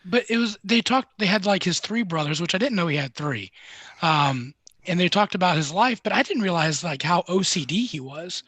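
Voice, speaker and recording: A man with a notably high voice runs a relaxed podcast chat. He steers the talk from topic to topic and laughs easily. His voice sounds dry and close to the mic. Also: moderate pace, husky, no echo. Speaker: podcast host.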